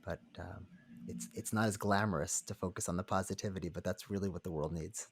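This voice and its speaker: A man, a rabbi and counselor, telling a personal story as a podcast guest in an earnest, halting way. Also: low voice, steady tone, husky, no room sound. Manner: earnest, halting, many restarts. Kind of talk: conversational storytelling.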